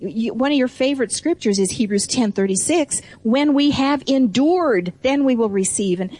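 Excited middle-aged woman reading bible verses, bit high voice, preachy chat. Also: moderate pace. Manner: enthusiastic, reads and explains scripture. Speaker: co-host Bible teacher. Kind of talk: conversational preaching.

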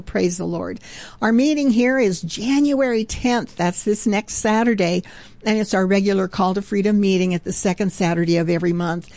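A woman hosts a devotional radio ministry show in a warm, mellow voice, earnest and fervent, often breaking into praise. Her delivery is chatty and conversational, with small restarts, and the recording is close and dry with no room sound. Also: medium pitch, moderate pace, no room sound.

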